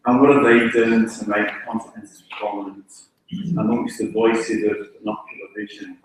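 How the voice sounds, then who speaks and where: A man's voice: fairly low pitch, flat delivery, moderate pace. A man introduces a conference panel in a loose, joking way, sometimes restarting a word. His voice sounds far from the mic and echoes around a large lecture hall, with faint noise behind it. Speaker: panel chair.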